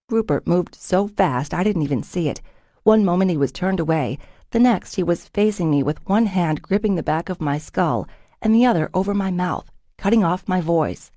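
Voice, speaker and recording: Woman reading an audiobook, low mellow voice, steady expressive, close dry studio mic. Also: normal speed, no echo. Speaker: audiobook narrator. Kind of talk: scripted first-person narration.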